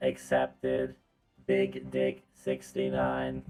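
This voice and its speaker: A man doing a flat, deep-voiced robot. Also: very slow, soft background music, exaggerated voice. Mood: deadpan. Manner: flat, clipped robotic delivery. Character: deadpan male escort robot, rigid and literal. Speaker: game master.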